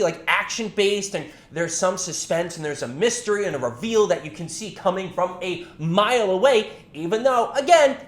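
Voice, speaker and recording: Man, film reviewer, sarcastic and rambling, lively up-and-down pitch, echoey room. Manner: sarcastic, rambling, self-correcting. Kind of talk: casual opinion monologue.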